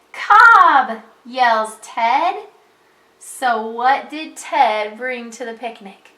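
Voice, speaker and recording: In an echoey room, a woman teaching preschoolers to read takes things slowly and patiently. Her bright, a bit high voice has a sing-song lilt, and it leaps up into excited exclamations whenever she reads aloud.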